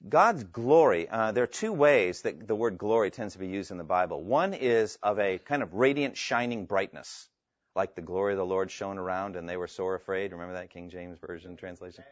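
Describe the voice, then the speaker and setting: A man's voice: deep voice, fairly quick, no room sound, muffled recording. A man teaching the Bible to a live class, earnest and emphatic as he reads scripture aloud, explains it and takes questions.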